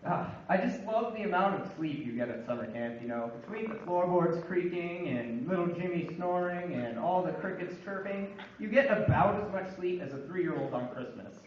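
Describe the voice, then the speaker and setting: A man with a high voice tells a funny personal story with dry, growing exasperation. He is caught from far off by the camera, so the sound is distant and dull. The big room around him echoes heavily. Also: expressive, moderate pace, few pauses, slight background noise. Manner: wry, building comic exasperation. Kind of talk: humorous storytelling monologue.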